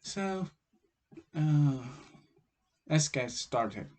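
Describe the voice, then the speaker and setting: A man with a Chinese accent teaching, speaking haltingly with frequent hesitations and restarts. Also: fairly high pitch, expressive, darkish tone. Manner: hesitant, many fillers and restarts. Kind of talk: explaining with slow, halting delivery.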